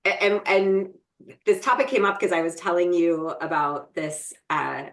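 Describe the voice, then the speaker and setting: A woman's voice: lowish voice, measured pace. A woman co-hosting a parenting podcast, explaining ideas in a thoughtful, casual way and often checking in with "right?". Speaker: podcast co-host.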